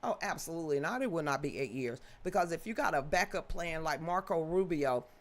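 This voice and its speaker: A woman's voice: low-pitched, a little fast. A woman, hosting a casual livestream news show, folksy and outspoken with frequent laughter. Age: 50s. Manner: animated, folksy, swears freely, laughs often.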